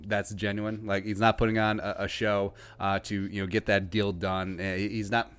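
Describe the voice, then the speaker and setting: A podcast host with an Upper Midwestern American accent talks sports casually, full of fillers and restarts. His voice is fairly low, fairly bright, clear and resonant, with little pitch movement and a normal speed.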